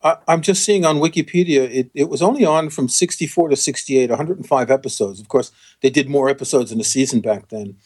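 A man's voice: medium pitch, brisk, few pauses, darkish tone, husky. A man co-hosting a casual chat, explaining facts patiently with wry humor. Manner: explanatory, with fillers and restarts, wry. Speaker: co-host.

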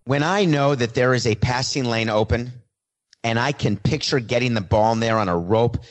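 In a lightly acted mock press-conference monologue, a man takes on the role of a famous star quarterback answering reporters with blunt honesty. He uses his own plain, mid-range voice at a moderate pace and makes no attempt at an impression.

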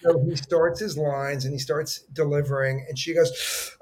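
A man, an actor, telling a story in a casual, animated way as a guest. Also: fairly high pitch, fairly quick, hardly any pauses, breathy edge.

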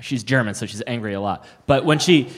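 A man co-hosting a live podcast, joking around with quick asides. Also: mid-range voice. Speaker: podcast co-host. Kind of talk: casual live podcast chat.

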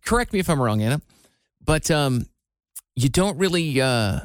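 A man's voice: a little high, big pitch swings, moderate pace, no echo, studio quality. A young man hosting a radio show, teasing his co-host and getting easily hyped. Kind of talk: casual radio show banter.

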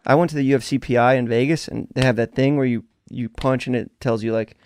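Swearing, smooth-voiced man in casual chat. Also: medium pitch, fast talker. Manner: swears freely, animated storytelling. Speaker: podcast guest.

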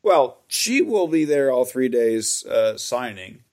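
A man's voice: mid-range voice, sing-song, slow, a little mellow. An American man co-hosting a podcast, chatting loosely and joking, with lots of fillers and restarts. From United States. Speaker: podcast co-host. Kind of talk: casual chat.

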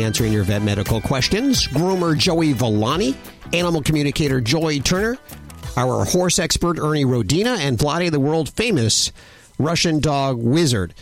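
A man's voice: a little high, big pitch swings, moderate pace, faint music behind. A male radio talk show host with a wry, joking manner. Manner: jokey, wry.

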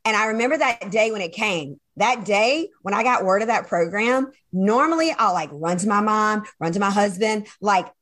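A woman being interviewed, telling her personal story in an animated, emphatic way, often turning to the listener and acting out what people said. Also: mid-range voice, normal speed, hardly any pauses. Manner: animated and emphatic, acts out quoted dialogue, many fillers and asides to the listener. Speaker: interview guest, speaker and coach. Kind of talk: personal story told in conversation.

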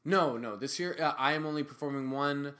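A young man co-hosting a podcast, talking casually and sarcastically, jumping from loud bursts to low mutters. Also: moderate pace. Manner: animated, sarcastic, swings from loud bursts to mumbling. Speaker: podcast co-host. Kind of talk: casual chat.

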